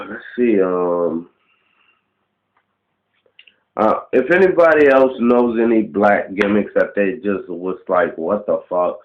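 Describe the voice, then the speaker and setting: A man's voice: on the low side, expressive, slow pace, pauses often. A man ranting casually to the camera, blunt and profane, firing off rhetorical questions. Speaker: vlogger. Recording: roomy, dull lo-fi webcam audio.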